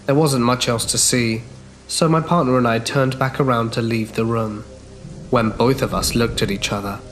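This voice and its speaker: A man narrating a first-person horror story in a measured, scripted way. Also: medium pitch, fairly even intonation, a little hiss or hum. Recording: faint background music.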